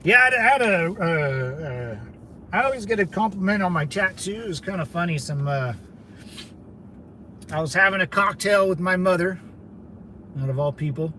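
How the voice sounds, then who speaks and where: Brief: laid-back male streamer, high voice, rambling anecdotes, noisy street behind him. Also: lively intonation, normal speed, pauses often, bright, forceful tone. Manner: laid-back, rambling, calls listeners brother. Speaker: livestream host. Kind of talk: casual storytelling to chat.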